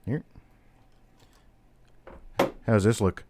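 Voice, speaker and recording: A man's voice: on the low side, drawn-out words, a little mellow, dry recording. A man hosting a live-stream coin auction, chatty, calling out bidders and prices one after another. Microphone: webcam on a stand.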